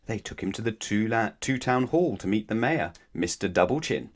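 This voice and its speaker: Male bedtime-story reader, low voice, gentle and expressive. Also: moderate pace. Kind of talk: children's bedtime story read-aloud.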